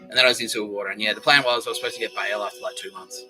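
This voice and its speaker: This Australian podcaster races through a rambling comedic monologue full of swearing and laughter. His voice sits on the low side with fairly even intonation. The low-quality recording has music behind him.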